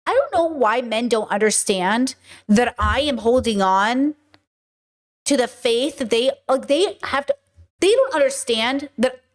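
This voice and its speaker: A woman streaming live, talking casually to her viewers in an animated, sarcastic way. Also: fairly high pitch, unhurried. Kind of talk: casual livestream chat.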